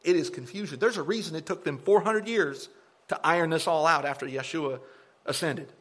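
A man delivers an animated, emphatic sermon to a gathered congregation. His voice sits a little above the usual male pitch and rises sharply when he makes his points. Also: fairly quick. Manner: animated, emphatic, mocking impressions of opponents. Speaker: preacher.

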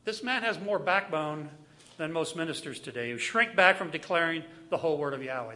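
A man preaching a sermon in an emphatic style, often repeating key phrases and moving between loud and quiet passages. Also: a little high, a little fast.

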